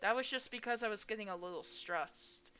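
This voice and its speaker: A woman voicing an anxious young female monster who speaks softly and puts herself down, reading a visual novel aloud. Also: medium pitch, brisk, pitched above the performer's own voice, close to an everyday voice. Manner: soft, self-deprecating.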